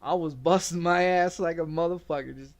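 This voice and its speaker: A man's voice: on the high side, moderate pace. A middle-aged man telling a long, rambling personal story with lots of swearing and frequent laughter, as a streamer talking casually. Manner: rambling, profane, laughing often.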